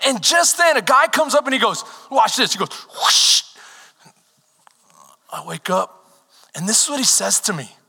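A man preaching a sermon as pastor, telling stories with animation and building to shouted calls to the congregation. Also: sits high, a little slow, vocal fry, long pauses, husky. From Texas. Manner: animated storytelling, rising to shouted exhortation. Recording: long hall reverb.

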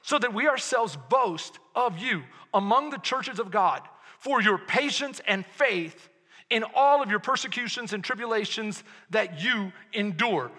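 High, bright-voiced preaching pastor. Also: male voice, measured pace. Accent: Texan. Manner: animated preaching, swings between hushed and loud; rhetorical calls to the congregation. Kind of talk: sermon. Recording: echoey hall reverb.

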